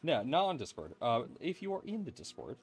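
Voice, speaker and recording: A man's voice: medium pitch, huge pitch swings, brisk. A tired man hosting a livestream, joking casually and swearing freely, with faint music behind him. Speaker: livestream host. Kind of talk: casual chat.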